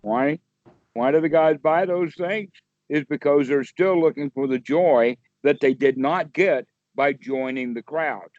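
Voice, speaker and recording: A man's voice: fairly high pitch, a little slow, darkish tone, no echo. A man, a meditation teacher, explaining in a rambling, folksy way during a casual one-on-one chat over a video call. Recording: dry, dull lo-fi call audio.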